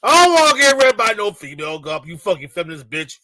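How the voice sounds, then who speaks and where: A man co-hosts a stream with a high, bright and sharp voice, mocking what he sees with repeated exclamations. He is recorded dry and close, with no room sound. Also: very animated, quick pace, no room sound. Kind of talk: casual reaction commentary.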